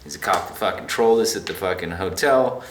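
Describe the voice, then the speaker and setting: A man's voice: low-pitched, a little fast. A man recounting a road-trip jail story in a casual, drawling, profane way. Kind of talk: laid-back profane storytelling. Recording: echoey room with music behind.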